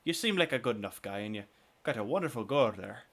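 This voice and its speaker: A man voicing a teasing, gruff male shopkeeper who haggles with customers. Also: mid-range voice, expressive, fast, a bit bright. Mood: haggling.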